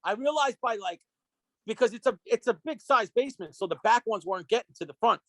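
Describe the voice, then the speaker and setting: A man as a podcast guest, telling stories in an excitable, rambling way, full of restarts and acted-out quotes. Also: extremely high pitch, fast, no echo. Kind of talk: casual storytelling chat. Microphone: podcast microphone.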